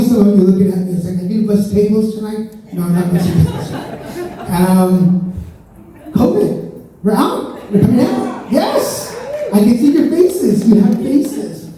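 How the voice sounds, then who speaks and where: A man doing a stand-up comedy set, chatty and self-mocking, riffing with the crowd. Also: high voice. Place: stage in an event hall. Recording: echoey hall, mic heard from a distance.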